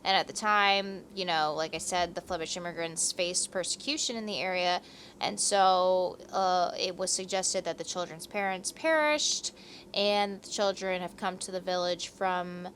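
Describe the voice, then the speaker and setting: A woman's voice: on the low side, moderate pace, a bit bright, a little hiss or hum. A young woman co-hosting a podcast, telling a history story in a chatty, rambling, slightly profane way. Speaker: podcast co-host. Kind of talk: casual storytelling chat.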